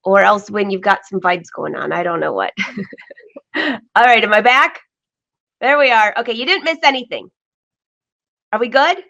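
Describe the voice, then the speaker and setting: A woman hosting a live sewing vlog from her home studio, chatty and excitable, laughing often. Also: mid-range voice, moderate pace, gravelly, pauses often, dull audio. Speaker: vlog host. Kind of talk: live-streamed casual chat.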